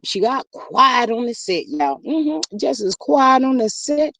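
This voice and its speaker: Woman, livestream host, chatty, slightly high voice, dry close sound. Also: very animated, slow pace, gravelly, a bit bright, dry recording, rough recording. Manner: chatty, reads viewer comments aloud, says "y'all" often. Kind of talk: casual live-stream chat.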